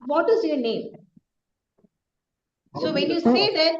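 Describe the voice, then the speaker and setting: A woman with a high voice leads a lively speaking lesson, putting questions to the group and acting out sample lines. The sound is muffled and echoes around the room. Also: slow pace. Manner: lively, asks the group questions, acts out example sentences. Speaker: speaking coach. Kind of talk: interactive online teaching session.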